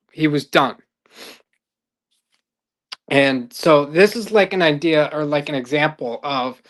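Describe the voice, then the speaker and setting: A man's voice: a little high, fairly bright tone. A male life coach telling a story in a casual, rambling podcast monologue with fillers and restarts.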